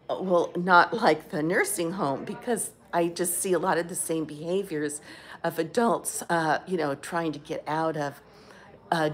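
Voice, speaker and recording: An older woman telling a candid, rambling personal story in a casual video diary, talking from a rehab facility. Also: low voice. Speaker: vlogger.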